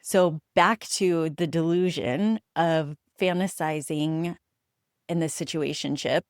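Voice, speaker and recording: A woman from the United States talks alone into the mic, her voice sitting on the low side and recorded dry with almost no room sound. She tells stories candidly and reflectively, with pauses between thoughts. She swears without hesitation to drive her points home. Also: no echo. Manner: candid and emphatic, swears freely; reflective storytelling with frequent pauses. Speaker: podcast host. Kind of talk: solo podcast monologue.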